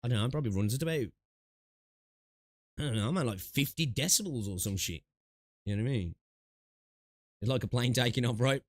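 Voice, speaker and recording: A man's voice: mid-range voice, fairly quick, long pauses, dry recording. A young man chatting casually on a gaming livestream, rambling with lots of fillers and asides, through a close desk mic with noise suppression. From United Kingdom.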